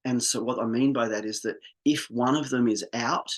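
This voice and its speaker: A man's voice: medium pitch, steady tone, normal speed. A man coaching a live group session on business growth. He talks in an upbeat, informal way and guides the group as he goes.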